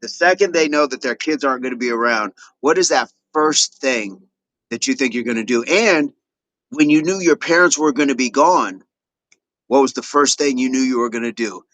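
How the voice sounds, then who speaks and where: A man's voice: mid-range voice, normal speed, fairly bright tone. A middle-aged man hosting a fitness livestream, chatting casually with viewers and repeating affirmations as he reads their comments.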